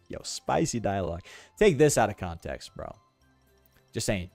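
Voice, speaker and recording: Joking streamer man, lively voice. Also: lowish voice, moderate pace, creaky, pauses often, no room sound, soft background music. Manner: joking, self-mocking, slangy, breaks into character voices. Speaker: gaming streamer. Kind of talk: casual gameplay commentary.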